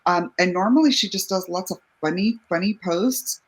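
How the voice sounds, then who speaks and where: Chatty woman with a lowish voice. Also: normal speed, poor audio. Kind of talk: podcast conversation.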